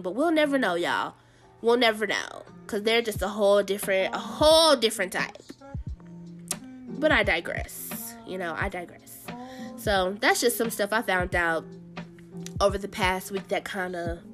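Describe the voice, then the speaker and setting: A woman's voice: mid-range voice, fairly bright tone. A woman hosting a show, giving casual pop-culture commentary in a blunt, sassy way and talking straight to her viewers. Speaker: show host.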